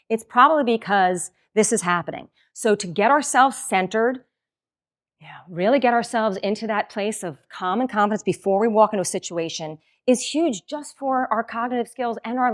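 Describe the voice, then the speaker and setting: A middle-aged woman giving a motivational keynote talk in a lively, conversational way, acting out the lines she quotes. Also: fairly high pitch, brisk. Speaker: keynote speaker.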